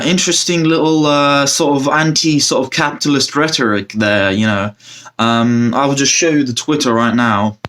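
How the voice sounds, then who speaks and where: A man's voice: medium pitch, a bit bright. Rambling man in casual commentary. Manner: rambling, many fillers and restarts. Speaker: vlogger. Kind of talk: casual commentary with screen sharing.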